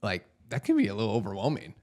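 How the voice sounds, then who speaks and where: A man's voice: on the low side, huge pitch swings, quick pace, darkish tone. Rambling Southern male podcast host. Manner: rambling, searching for words. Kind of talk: interview chat.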